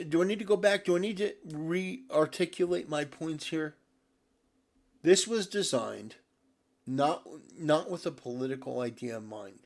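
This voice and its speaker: A man's voice: on the high side, a little mellow. A man ranting in a video commentary, exasperated and sarcastic, with frequent profanity and stumbling restarts.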